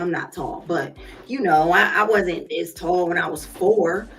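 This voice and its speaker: A woman's voice: on the high side, sharp tone, slightly rough. A woman hosting a live stream from her home office, giving a casual motivational talk with chatty storytelling and calling listeners y'all. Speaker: live stream host and business owner.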